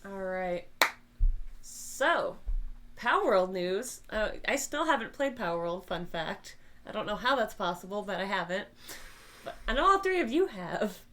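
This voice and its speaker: A woman co-hosting a casual gaming podcast, bubbly and quick to laugh. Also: mid-range voice, sing-song, fairly bright tone. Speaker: podcast co-host.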